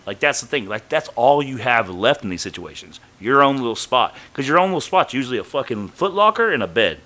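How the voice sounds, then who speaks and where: On a podcast, a man with a mid-range voice tells a story casually and a little fast. He swears freely and acts out other people's lines, keeping the whole thing profane and animated.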